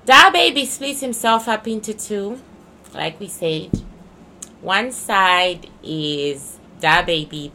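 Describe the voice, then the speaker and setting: A woman's voice: low voice, sharp tone, slight background noise. A woman giving a casual spoken card reading, speaking emphatically and often repeating and restating her points. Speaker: psychic reader.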